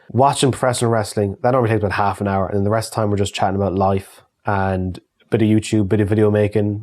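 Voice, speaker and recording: Irish man, thirties, slightly low voice, chatty, swears freely, casual fan Q&A. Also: dark tone. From Ireland. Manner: chatty and swears freely, reads questions aloud. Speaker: YouTube creator answering fan questions. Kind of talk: casual solo Q&A chat.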